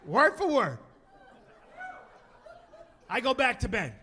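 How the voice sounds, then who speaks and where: Middle-aged male stand-up comic, high and bright, swinging all over his range as he acts out a story. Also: slow pace, a faint crowd, a little hiss or hum. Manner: animated, profane, acts out voices. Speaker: stand-up comedian. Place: comedy stage before an audience.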